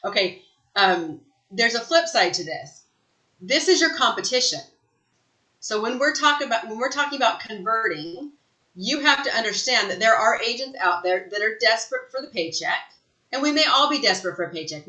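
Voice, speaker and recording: Bright, emphatic woman sales trainer. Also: on the high side, echoey room, rough recording. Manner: emphatic, frequent "right?" check-ins. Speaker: real estate sales trainer. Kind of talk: live training talk.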